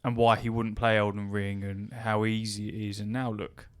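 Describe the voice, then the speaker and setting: A man talking on a podcast in a blunt, argumentative way, swearing as he goes. His voice sits a little low, and he pushes back hard against his co-host. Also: flat delivery, normal speed, clear, resonant tone. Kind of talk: casual chat.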